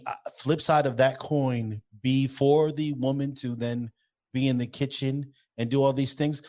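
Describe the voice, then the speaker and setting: A man co-hosting a podcast in casual chat, talking bluntly and animatedly with lots of swearing. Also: medium pitch. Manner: blunt, profane, opinionated, animated. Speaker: podcast co-host.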